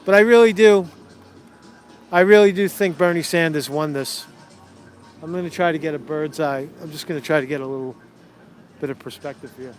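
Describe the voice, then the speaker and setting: A man with a slightly high voice streams live political commentary on a phone while walking a city street. He rants and swears, doubles back on his own sentences, and sounds a little winded. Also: normal speed, long pauses, faint music behind. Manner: ranting, profane, rambling with many restarts. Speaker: political vlogger.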